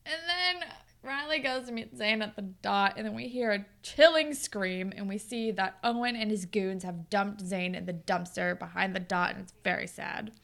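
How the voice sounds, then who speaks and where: A woman's voice: medium pitch, creaky, fairly bright tone. A woman co-hosting a podcast, casually recapping a TV episode and acting out the characters' lines. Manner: acts out characters' lines in quick voices. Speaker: podcast co-host.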